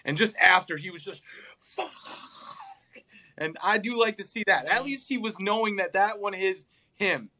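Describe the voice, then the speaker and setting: A man's voice: sits high, normal speed, bright, forceful tone. A young man co-hosting a casual sports chat, ranting in an exasperated way and swearing often. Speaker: podcast co-host.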